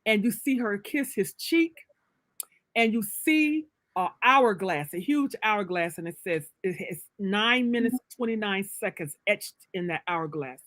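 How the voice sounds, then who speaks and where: A woman's voice: mid-range voice, expressive, unhurried, fairly bright tone, no echo. Emphatic preacherly woman storyteller. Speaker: author, guest. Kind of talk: casual livestream interview.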